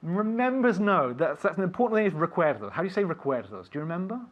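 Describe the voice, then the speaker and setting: A man teaching an English lesson on the radio, saying words slowly and clearly and having his student repeat them. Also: high voice, sing-song, highs cut off. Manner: slow, clear teacher drilling words for repetition.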